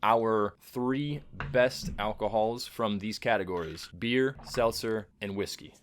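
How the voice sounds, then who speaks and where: Man telling a deadpan bar joke. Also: fairly low pitch, slow. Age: late 20s. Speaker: podcast co-host. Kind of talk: casual podcast banter.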